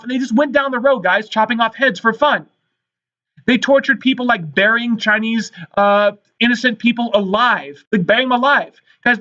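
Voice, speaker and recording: A man's voice: sits high, pushed and bright. A man teaching a history lesson, talking emphatically to his students, often checking in with "all right" and "guys". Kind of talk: recorded classroom lecture. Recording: dull lo-fi recording.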